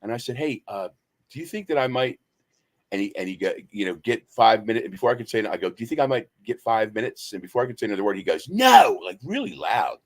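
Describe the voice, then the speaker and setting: A man's voice: on the low side, animated, fast. A man hosting a talk radio show, telling stories in a rambling, hesitant way. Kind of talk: casual talk radio chat.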